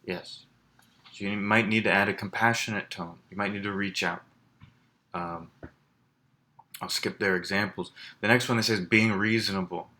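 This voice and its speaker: A man's voice: lowish voice, steady tone, moderate pace, long pauses, sharp tone. A man teaching a college writing class in a recorded lecture, explaining in a conversational way with fillers and restarts. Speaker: college English instructor.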